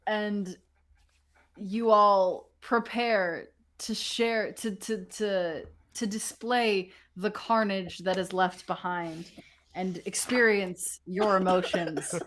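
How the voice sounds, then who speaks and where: A young woman narrating as game master of a tabletop game, lively and casual, laughing often and swearing freely. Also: medium pitch, slow, a little hiss or hum.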